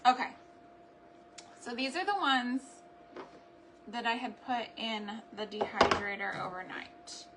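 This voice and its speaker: A woman's voice: a little high, measured pace, pauses often, noisy background. Chatty woman crafting at home. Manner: chatty, laughs at her own mishaps, thinks aloud. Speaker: craft and homestead vlogger. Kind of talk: casual crafting chat to camera.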